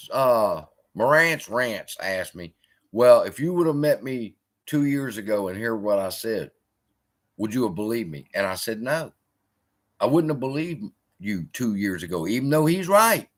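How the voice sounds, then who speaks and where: A man hosts a casual live stream, speaking in loose, profane bursts while he reads and answers his chat. His voice is bright and forceful, and his pitch jumps all over the place as he talks. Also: a little slow. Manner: profane, animated, heckling chat. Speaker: host.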